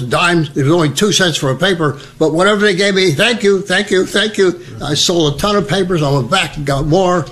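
A man's voice: a little high, a bit bright. An elderly American man telling personal stories in a chatty, humorous way, acting out the voices of people he quotes. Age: older. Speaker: veteran interviewee. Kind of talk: personal storytelling.

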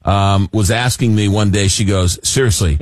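A man's voice: fairly low pitch, fairly even intonation, moderate pace, no room sound, studio quality. A man hosting a radio talk show, chatting casually and reading listener texts aloud.

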